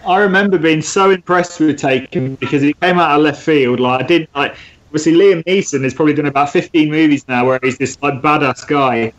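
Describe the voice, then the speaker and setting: Chatty male podcast co-host, slightly higher voice. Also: fairly quick, muffled recording. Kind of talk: casual chat.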